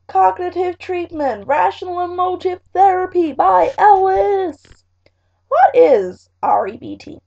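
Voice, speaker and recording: A high-pitched teenage girl vlogs her revision tips in a casual, rambling way, leaning on fillers. Her comes through plainly. The sound is dull and lo-fi, as from a home webcam mic. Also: darkish tone, a little hiss or hum. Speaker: vlogger.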